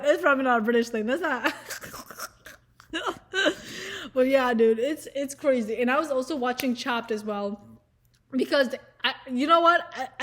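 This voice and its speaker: A woman from the Southern United States chats casually in vlog style, her voice high-pitched and a bit bright. She rambles, swears, giggles, and uses plenty of fillers.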